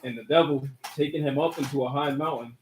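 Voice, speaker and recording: A man reading scripture aloud in a slow, measured way. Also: medium pitch, steady tone, crowd noise. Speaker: scripture reader. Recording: echoey room, off-mic.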